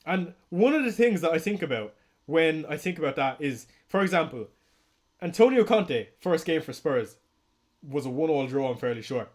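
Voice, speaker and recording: A young Irish man chats on a live stream in a fairly high voice. He talks casually and excitably, swears freely and laughs often. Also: normal speed. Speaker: fantasy football streamer. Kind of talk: casual livestream commentary.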